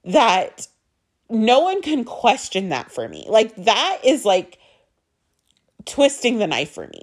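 A woman's voice: fairly high pitch, huge pitch swings, slow pace, long pauses. A young woman, a mother, telling a personal story in an emotional, emphatic monologue, swearing and repeating herself for stress.

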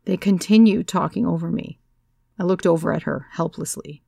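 Low gravelly woman reading a story, wry and measured, dry close sound. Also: mellow, no room sound. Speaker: audiobook narrator. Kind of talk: first-person scripted narration.

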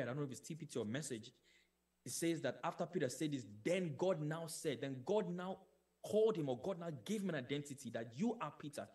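A male preacher delivering a sermon in a fairly high voice. He repeats key phrases and climbs in pitch on each declaration. He quotes scripture verse by verse. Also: a little mellow. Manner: emphatic, repetitive, rising on key declarations.

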